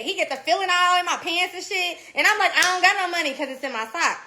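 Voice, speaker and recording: A woman in her thirties telling a story in a casual, animated and profane way, laughing often. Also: very high-pitched, a little fast, few pauses. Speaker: podcast guest.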